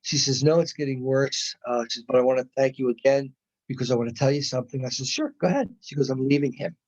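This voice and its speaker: A man's voice: medium pitch, fast talker, dull audio. A man lecturing to students, telling a story from his clinical work and acting out the dialogue as he goes. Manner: animated retelling with quoted dialogue.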